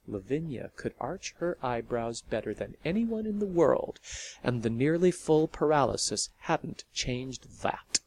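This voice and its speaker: A man reading a story aloud in a steady, measured narration. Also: mid-range voice.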